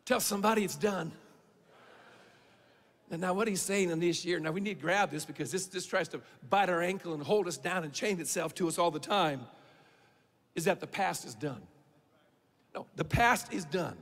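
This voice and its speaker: Preacher guy, really high bright voice, gravelly, big church echo. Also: a little slow, long pauses. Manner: fervent preaching, swings between shouting and quiet. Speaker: pastor. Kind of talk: sermon. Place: church sanctuary.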